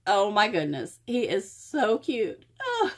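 A woman's voice: mid-range voice, lively intonation, slow pace. A middle-aged woman from Oklahoma gushing over craft supplies in an unboxing vlog, exclaiming often. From Oklahoma, USA. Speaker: crafting vlogger. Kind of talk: happy mail unboxing vlog.

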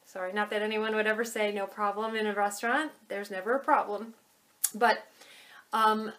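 A woman training restaurant staff, talking casually with some hesitations and acting out lively server lines. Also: mid-range voice, moderate pace. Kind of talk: instructional talk with acted examples.

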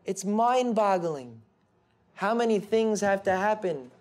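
A rabbi telling a story in a sermon, animated and building excitement. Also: male voice, sits high, slow. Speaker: rabbi and speaker.

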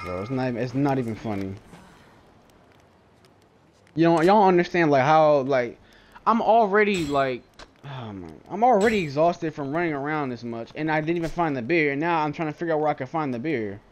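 A man's voice: medium pitch, slight background noise. A young man cursing and ranting in exasperation while playing a game, in loose casual gameplay commentary. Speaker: gamer.

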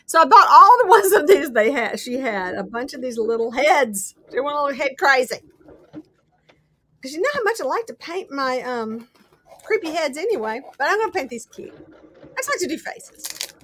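A high-voiced, middle-aged woman chatting casually on a crafting livestream. She rambles cheerfully, laughs often, and jumps from one find to the next as she shows her collection. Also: big pitch swings, brisk, sharp tone, slight background noise. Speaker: host.

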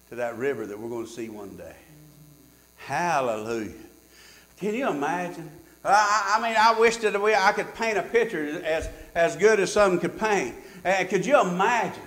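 A man preaching a sermon as pastor, swinging from loud shouts to hushed tones. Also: fairly high pitch. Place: church. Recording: echoey church sanctuary.

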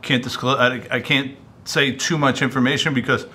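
A man filming a solo ghost-hunting vlog, excited and coughing, short of breath from the dust. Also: medium pitch, normal speed, a little hiss or hum. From United States. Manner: excited, exclaiming to viewers. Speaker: paranormal investigator vlogger.

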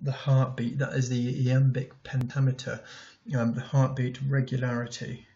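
A man's voice: medium pitch, monotone, normal speed, creaky, mellow, lo-fi sound. A male teacher talking through a poem in a recorded lesson, thinking aloud as he writes notes, with many ums and restarts.

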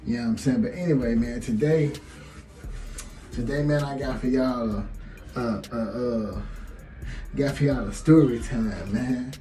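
A man's voice: mid-range voice, unhurried, long pauses, dark tone. A man, telling a story in a laid-back, slangy way full of fillers. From Chicago. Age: 20s. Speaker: vlogger. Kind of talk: casual storytelling. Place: small bathroom. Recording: echoey bathroom, faint music.

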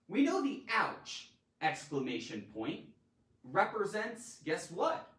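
A man hosting a playful live-streamed grammar lesson, theatrical and full of sudden loud exclamations. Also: high voice, wildly swooping pitch, takes it slowly. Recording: roomy echo, mic at a distance.

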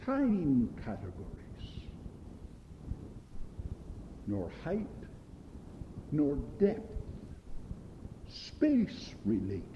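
A man preaching a sermon in a slow, deliberate way. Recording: dull recording in a hall with long reverb and faint rumble.

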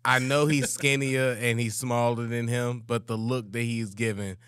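A man's voice: medium pitch, level tone, normal speed, a bit bright, clean tone, dry recording. Candid American man in dry close sound. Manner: earnest, candid, picky about clarity. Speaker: podcast co-host reacting to music. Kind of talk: casual reaction chat.

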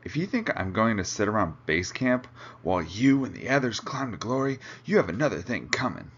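A man reading aloud, voicing an angry older male climber who shouts and blusters. The recording sounds dull and lo-fi. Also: fairly low pitch, lively intonation, moderate pace, voice pushed up.

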